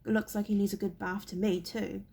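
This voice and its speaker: A woman's voice: mid-range voice, little pitch movement, moderate pace, vocal fry, slightly rough. Woman voicing a sneering bully boy. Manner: sneering, louder than the narration. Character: boastful bullying teenage boy warrior apprentice.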